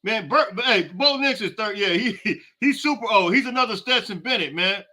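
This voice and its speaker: A man's voice: high-pitched, lively intonation, fairly quick, pushed and bright. A man hosting a podcast, giving a live halftime reaction and answering viewer comments in an exasperated, fired-up rant full of casual slang. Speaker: podcast host.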